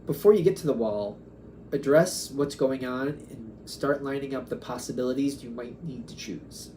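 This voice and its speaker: Musing man giving a mellow tarot reading. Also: medium pitch, moderate pace, a little hiss or hum. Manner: musing, wandering, acts out quoted back-and-forth exchanges. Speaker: tarot reader.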